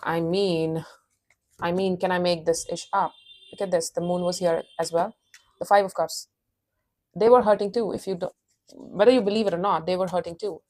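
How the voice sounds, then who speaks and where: A woman's voice: lowish voice, fairly even intonation, normal speed, pauses often, darkish tone. A woman giving a casual tarot reading, intense and emphatic, repeating her phrases and calling the listener honey. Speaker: tarot reader.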